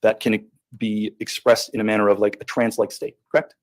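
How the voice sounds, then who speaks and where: A man's voice: lowish voice, little pitch movement, a little fast. A man, a defense attorney, cross-examining a witness in court with leading questions. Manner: leading questions ending in "correct?".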